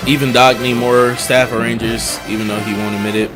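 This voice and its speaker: A man's voice: mid-range voice, completely flat delivery, fairly quick, few pauses. A man hosting a live stream and reacting to marching band videos in casual, rambling talk, often repeating himself while he searches for names. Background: band music playing.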